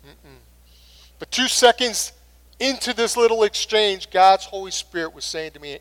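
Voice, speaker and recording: A man's voice: sits high, measured pace, a bit bright, smooth. A middle-aged male pastor preaching a sermon in an earnest, conversational way.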